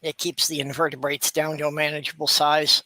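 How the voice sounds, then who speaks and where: A man's voice: a little high, level tone, brisk, background noise. A man making dry, matter-of-fact remarks in a casual chat.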